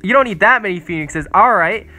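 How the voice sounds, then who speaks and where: Excitable teen guy with a bright voice. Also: sits high, a little fast. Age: teens. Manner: excitable, chatty, teasing the opponent. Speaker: gaming video creator. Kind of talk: casual gameplay commentary.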